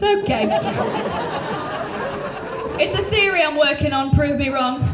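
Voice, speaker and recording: A woman in her thirties from North Wales with a North Welsh accent, doing a brash, sweary stand-up routine and tagging her lines with "right?". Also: high-pitched. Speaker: stand-up comedian. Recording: roomy sound from a distant mic, faint noise.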